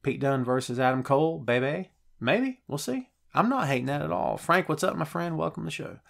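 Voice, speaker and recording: A middle-aged man hosting a wrestling show, chatting casually and reacting excitedly to viewer comments, with a lot of filler words and restarts. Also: a little high, a little fast, creaky. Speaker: wrestling podcast host.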